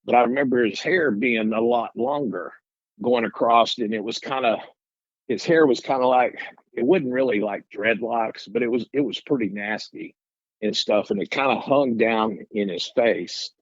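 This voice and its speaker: A man's voice: medium pitch, moderate pace, no room sound, highs cut off. A middle-aged man from Arkansas, telling his story in a rambling, folksy way with restarts. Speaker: guest telling his encounter. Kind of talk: casual storytelling interview.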